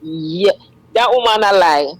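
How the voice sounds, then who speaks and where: A man with a Jamaican accent calling into a talk show, speaking excitedly in patois with laughter. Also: high-pitched, unhurried, no echo, poor audio. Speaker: caller. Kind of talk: call-in comment.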